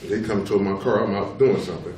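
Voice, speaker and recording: In a public hearing room, a middle-aged father gives testimony at a tribunal in a fast, fairly low voice with a touch of mellowness. He repeats himself emphatically to push each point, regularly asking "you know what I'm saying." The mic sits far away, so the hall sounds spacious and carries a little noise.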